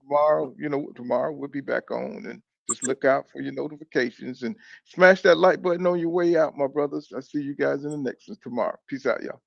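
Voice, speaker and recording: Brief: male host, AAVE, laid-back, gravelly voice over dull lo-fi audio. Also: mid-range voice, fairly even intonation, no echo. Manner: laid-back, drawn-out fillers. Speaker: podcast host. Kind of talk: casual podcast chat.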